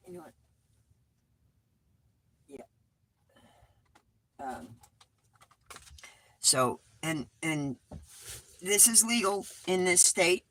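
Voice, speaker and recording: A middle-aged California woman vlogs from inside a small RV, chatting rambly and informally with her viewers and calling them hun. Her voice is low and a bit bright, and the audio is poor in this casual livestream chat.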